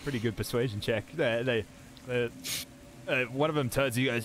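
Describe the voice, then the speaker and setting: A man narrating as game master of a tabletop game, rambling and halting with many fillers. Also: medium pitch, slight background noise.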